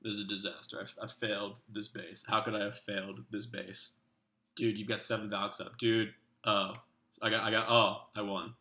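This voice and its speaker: A man's voice: lowish voice, level tone, normal speed, bright, forceful tone, slight background noise. A man impersonating an exhausted young male gamer who swears and groans through his own attack. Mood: despairing.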